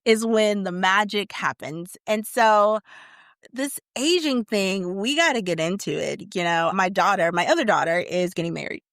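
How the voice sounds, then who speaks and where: A woman's voice: mid-range voice, moderate pace, fairly bright tone, dry recording, clean studio sound. Candid woman in her fifties. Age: 50s. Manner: candid, laughs often. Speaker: podcast co-host. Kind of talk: casual chat.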